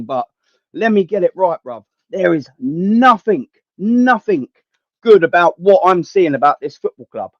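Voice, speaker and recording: Sweary high-voiced man ranting. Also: no room sound. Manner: blunt, sweary, slangy and heated. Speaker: livestream host. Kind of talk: ranting livestream chat with viewers. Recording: dull, dry lo-fi stream audio.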